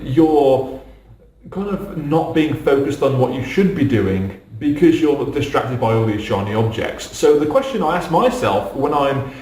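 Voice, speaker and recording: A man's voice: mid-range voice, darkish tone. A man from England answering viewer questions in a casual, reassuring to-camera advice video, with light self-deprecating humor. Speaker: online business coach. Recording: roomy echo.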